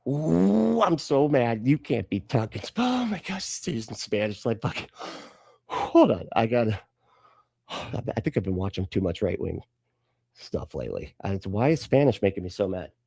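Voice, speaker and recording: A man hosts a live stream and mocks the clips he plays. His swearing commentary swings widely in pitch. The sound is dry and close, with no room around it. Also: big pitch swings, moderate pace, gravelly, darkish tone, husky, no echo. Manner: sarcastic and profane, talks back at clips. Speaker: host of a live reaction stream.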